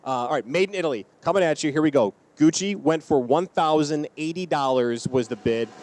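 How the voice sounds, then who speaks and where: A man's voice: fairly high pitch, darkish tone. A middle-aged man hosting a charity auction, cheerfully announcing prize winners and stretching out their names. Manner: upbeat, drawn-out name calls.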